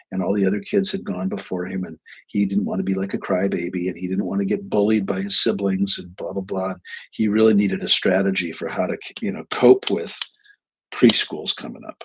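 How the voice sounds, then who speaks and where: A psychologist hosting a live stream tells a story in a low, rough voice, with poor audio from a webcam or desk mic. His casual monologue rambles, full of restarts and quoted dialogue.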